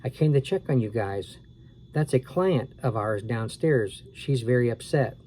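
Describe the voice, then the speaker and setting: A calm, caring storybook father explains things gently, as a male reader voices him. His tone is mellow and dark at a medium pitch, with faint background noise. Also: unhurried, lightly acted, low-quality recording. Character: calm caring father who runs seances. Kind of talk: storybook reading.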